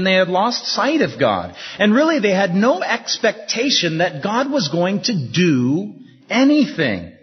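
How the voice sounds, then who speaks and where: A husky man preaching a sermon, building emphasis through rhetorical questions. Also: sits high. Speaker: pastor. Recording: dull echoey hall recording.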